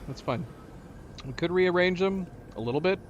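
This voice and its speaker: A man's voice: high-pitched, expressive, moderate pace, highs cut off, slight background noise. A man hosting a let's-play, casually thinking aloud and joking at the game characters. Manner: thinking aloud, chatty and wry. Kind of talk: casual gameplay commentary.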